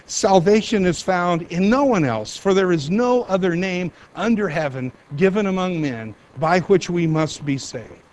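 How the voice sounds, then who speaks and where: A middle-aged man preaching a sermon as a pastor, emphatic, slowing down and speeding up to stress his points. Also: sits high. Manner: emphatic, varies pace for emphasis.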